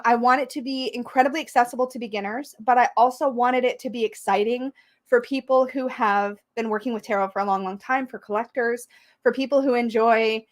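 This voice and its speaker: Excited, tearful woman livestream host. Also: fairly high pitch. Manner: excited, emotional, laughing often. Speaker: tarot channel host. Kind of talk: livestream chat.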